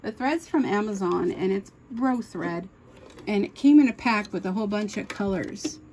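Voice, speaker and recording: A woman's voice: medium pitch, animated, normal speed, a little mellow. Chatty middle-aged woman over sewing machine hum. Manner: chatty, thinking aloud while she works. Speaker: sewing channel host. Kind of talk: casual machine-embroidery tutorial. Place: home sewing room. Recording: noisy home recording with machine hum. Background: sewing machine running.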